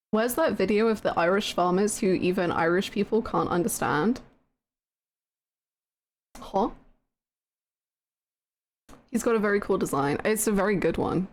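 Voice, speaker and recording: A woman's voice: mid-range voice, a little slow, long pauses. A woman streaming a video game live, chatting to viewers in a giggly, self-mocking way. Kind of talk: live gameplay commentary.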